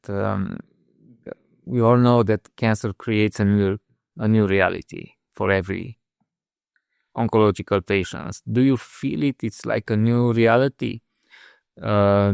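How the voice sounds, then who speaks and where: A man, a doctor hosting an interview show, asking questions in a halting way as he searches for words. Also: fairly low pitch, gravelly, darkish tone, clear, resonant tone, no room sound, clean studio sound. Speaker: host, doctor.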